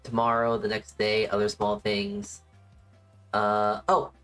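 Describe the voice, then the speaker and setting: Woman, low voice, rambling casual streamer chat, soft music bed underneath. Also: very animated, takes it slowly, clean tone. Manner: rambling, restarts sentences. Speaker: VTuber streamer. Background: faint background music.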